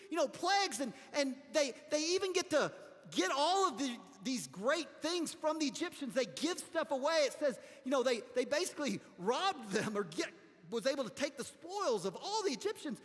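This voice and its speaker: A pastor giving a sermon, telling a story in a relaxed, conversational way with frequent restarts. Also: male voice, extremely high pitch, in a large hall.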